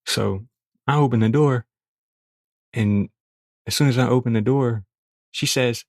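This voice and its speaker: A young man, hosting a podcast and telling a crude, profane story in a casual, animated way. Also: medium pitch, measured pace, long pauses, no room sound, clean studio sound. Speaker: podcast host.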